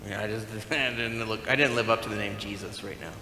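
A man preaching a sermon as pastor, animated and playful, acting out bits of dialogue. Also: lowish voice, brisk, slight background noise. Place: church sanctuary. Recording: echoey hall with faint room ambience.

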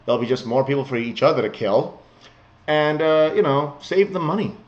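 A man's voice: a little high, normal speed. A man giving casual, sarcastic commentary on news stories from home. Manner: sarcastic, blunt, chuckles often. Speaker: vlogger reading news. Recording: slightly muffled lo-fi home recording.

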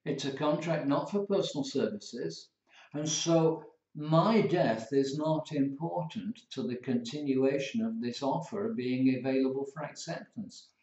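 A man's voice: mid-range voice, unhurried. A man, teaching law as a tutor, telling playful stories and acting out examples. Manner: playful, animated storytelling with acted examples. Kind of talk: recorded lecture. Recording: roomy, dull lo-fi lecture recording.

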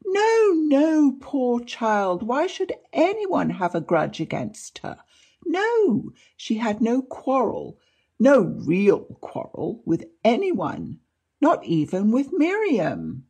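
A woman's voice: fairly high pitch, wildly swooping pitch, takes it slowly, dark tone, husky, voice pushed up, exaggerated voice. A woman reading aloud, voicing a distraught elderly father who pleads hastily in a raised voice. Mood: distressed.

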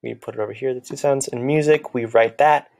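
A man's voice: medium pitch, steady tone, brisk, vocal fry, a little mellow. A man teaching a children's music lesson, patiently clapping out words and chanting their syllables.

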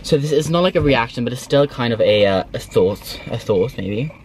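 A man, rambling excitedly and swearing freely as he reviews fast food from his car. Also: mid-range voice, a little hiss or hum. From Sweden. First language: Swedish. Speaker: food vlogger. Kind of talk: casual food review vlog. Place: in a car while driving.

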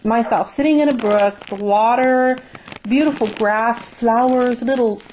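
A woman's voice: fairly high pitch, a little slow, a little mellow, slight background noise. A woman casually reviewing a haul of beauty products, gushing and dreamy as she smells each one and lingers over her words.

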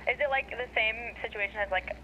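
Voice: medium pitch, fast talker, muffled recording, a little hiss or hum. A gaming partner on voice chat, cracking dry jokes during a co-op drive. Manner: joking, dry wisecracks. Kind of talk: casual gameplay chat.

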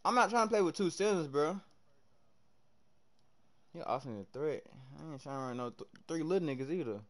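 A young man from the American South streaming a game live, chatting with his viewers in hyped, slangy bursts that swing between loud and soft. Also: fairly high pitch, animated, brisk.

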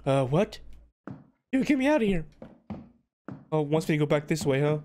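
A man's voice: on the high side, big pitch swings, normal speed, darkish tone, a little hiss or hum. A man commenting on a horror game he is playing, rambling jittery self-talk. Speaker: let's play gamer. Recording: game music behind.

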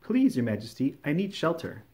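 A gentle young princess speaks with soft, gracious politeness, her voice lifted a little higher than the teller's own, as a man reading the tale puts her on. Her lines bend lively up and down, in the manner of a storybook read aloud. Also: moderate pace. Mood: polite.

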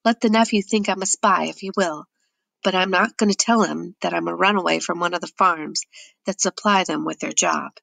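Woman narrating audiobook, low, gravelly, dead dry sound. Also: fairly even intonation, moderate pace, fairly bright tone, dry recording. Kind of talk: scripted first-person audiobook narration.

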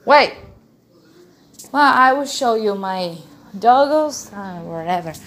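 A woman's voice: fairly high pitch, lively intonation, slow pace, background noise. A young woman with a Brazilian accent, a native Portuguese speaker, vlogging casually and coaxing her pets with affectionate baby talk.

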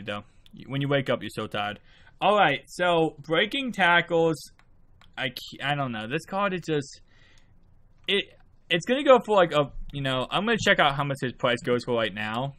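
Man, gaming channel host, sleepy, rambling, sudden excited outbursts, casual gameplay commentary, medium pitch. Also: normal speed. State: sleepy, just woke up. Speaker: video game channel host.

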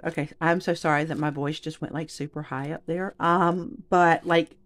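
A woman chatting excitedly to viewers while unboxing craft kits, calling them y'all. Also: low-pitched, normal speed, hardly any pauses, no room sound. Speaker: craft channel host. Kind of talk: casual unboxing chat. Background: crinkling bags.

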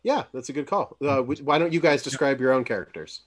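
A man's voice: medium pitch, fast talker. Man, game master, mid-range voice, descriptive narration, filler words.

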